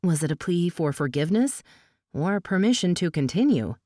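A woman narrating an audiobook in a measured, steady reading voice. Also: fairly low pitch, no echo, clean studio sound.

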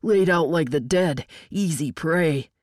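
A woman reading a novel aloud, voicing a huge male guard who speaks in a rumbling, menacing way. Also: slow, darkish tone, dry recording, clean studio sound.

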